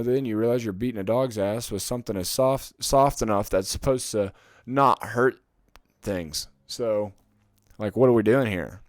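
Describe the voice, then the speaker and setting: A young man hosting a podcast alone, rambling in casual chat, swearing often and getting loud and heated when he rants. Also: medium pitch, clear, resonant tone, no room sound, clean studio sound. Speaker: podcast host.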